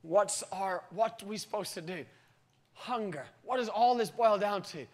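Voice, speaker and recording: Standing before his church, a man preaches through a story and passages of scripture, his voice soaring into extended loud cries and then dropping to a soft, low register.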